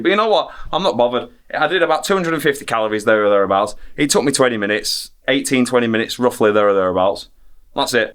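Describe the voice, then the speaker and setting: A man's voice: medium pitch, a bit bright. Casting note: young British man, daily vlogger, blunt and chatty, mid-range voice. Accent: British English. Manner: chatty and blunt, with mild swearing. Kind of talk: casual vlog chat.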